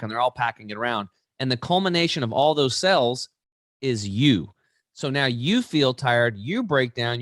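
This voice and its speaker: A man's voice: medium pitch, no room sound, clean studio sound. A man, an interview guest, explaining with energy, acting out quoted people and often restarting his sentences. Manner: animated storyteller, acts out quoted voices, many restarts.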